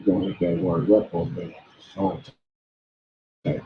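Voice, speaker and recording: A man delivers an informal, blunt, preachy sermon, often repeating words and tripping over them. His voice is low and level at a normal speed, with slight background noise and a tinny, phone-like sound.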